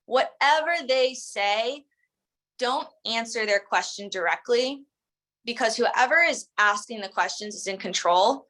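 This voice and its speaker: A woman's voice: mid-range voice, expressive, unhurried, fairly bright tone, rough recording. A woman coaching a sales team in a casual, chatty way, full of "like" and "um", acting out the lines they should say. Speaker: sales trainer. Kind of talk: casual instructional talk.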